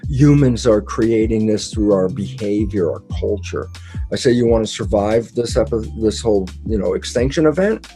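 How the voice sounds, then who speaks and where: An older man speaks in a mellow, relaxed voice, telling stories with lots of animation and acting out the lines of quoted dialogue. He swears casually as he talks. Faint music plays softly underneath. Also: lowish voice, normal speed. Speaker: guest speaker. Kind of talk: animated interview talk.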